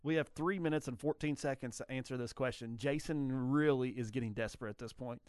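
A man's voice: mid-range voice, a little fast, darkish tone, clean tone, no room sound, studio quality. A man hosting a radio trivia show in a casual, rambling way, often correcting himself and laughing.

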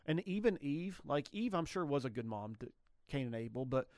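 A man's voice: mid-range voice, animated, fairly quick, darkish tone, dry recording, clean studio sound. A man hosting a radio trivia show in a casual, rambling way, often correcting himself and laughing.

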